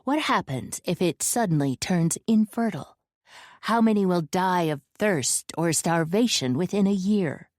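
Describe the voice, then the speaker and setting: A woman's voice: fairly low pitch, lively intonation, a little slow, darkish tone, dry recording, clean studio sound. A woman voicing a cold, cutting noblewoman who lectures in a cool, logical way.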